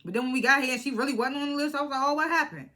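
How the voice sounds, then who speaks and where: Animated, bright-voiced young woman recapping TV. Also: sits high, rapid-fire. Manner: animated, laughing, slangy retelling with acted-out quotes. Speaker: reality TV reviewer. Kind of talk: casual vlog recap.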